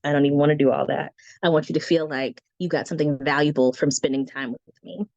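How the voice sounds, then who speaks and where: A woman with a squeaky voice, teaching branding in a casual, chatty way with breezy asides, heard over a video call. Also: steady tone, fast, a little mellow, no room sound. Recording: dry, dull lo-fi call audio.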